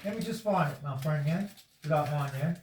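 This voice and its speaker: A man's voice: on the high side, a little fast, recorded from a distance. A man at home talking insistently to a visitor, rambling and repeating himself. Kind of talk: casual conversation. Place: indoors at his home. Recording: echoey room, off-mic, faint noise.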